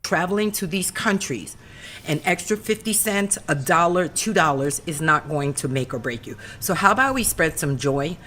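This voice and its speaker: A woman's voice: on the low side, normal speed, fairly bright tone. A woman from the United States giving earnest travel tips in a vlog, repeating lines for emphasis. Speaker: travel vlogger.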